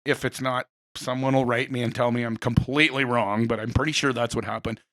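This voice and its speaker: A man hosting a casual interview, telling rambling animated stories. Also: medium pitch, a little fast, dry recording. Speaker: podcast host.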